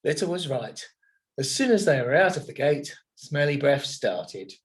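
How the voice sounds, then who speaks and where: A man, a teacher, reading a picture book aloud to children in an expressive storytelling manner. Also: fairly high pitch, moderate pace.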